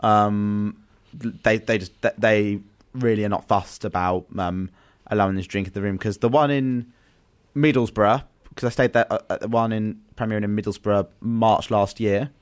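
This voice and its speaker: A man's voice: fairly low pitch, fairly even intonation, normal speed, smooth. A man hosting a casual chat, rambling through stories with lots of restarts and ums. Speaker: podcast host.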